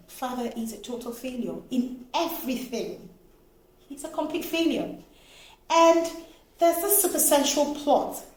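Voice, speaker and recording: A woman from Nigeria giving a casual, animated book review, laughing now and then. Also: sits high. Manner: animated, expressive, laughs often. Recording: echoey room, faint noise.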